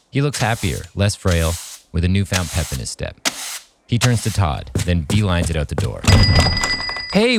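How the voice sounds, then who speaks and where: A man co-hosting a podcast, reading a horror script aloud in an even narrating voice. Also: deep voice, noisy background. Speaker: podcast co-host and script reader.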